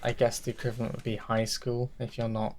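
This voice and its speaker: A man's voice: mid-range voice, monotone, a little fast, slight background noise. A man hosting a podcast in casual chat, rambling, swearing and laughing often. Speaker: podcast host.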